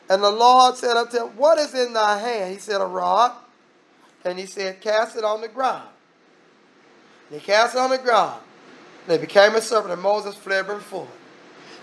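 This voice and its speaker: A man with a fairly high voice preaches a sermon. He hammers points home with repetition, reads scripture aloud, and breaks off with pointed asides. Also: moderate pace, pauses often, fairly bright tone.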